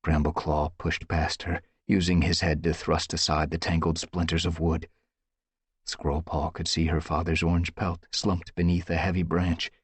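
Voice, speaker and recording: A man with a husky voice reading an audiobook with dramatic, tense storytelling. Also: low-pitched, flat delivery, normal speed, no room sound. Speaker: audiobook narrator. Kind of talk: dramatic scripted narration.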